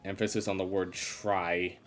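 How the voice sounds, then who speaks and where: A man's voice: sits low, little pitch movement, unhurried, fairly bright tone, a little hiss or hum. A man streaming live gameplay commentary, grumbling in an exasperated, sarcastic way.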